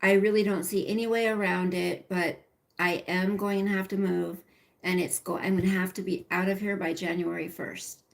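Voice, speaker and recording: Chatty middle-aged woman with a gravelly voice. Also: lowish voice, little pitch movement, moderate pace. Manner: rambling, chatty, emotional, talks to viewers by name. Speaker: livestream host. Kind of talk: casual livestream chat reading viewer comments.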